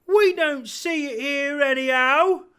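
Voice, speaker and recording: A man doing a hollering rough pirate. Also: very high voice, slow pace, voice pushed up, exaggerated voice. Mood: alarmed. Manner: loud, hollering calls from a window. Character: rough male pirate ransacking an inn.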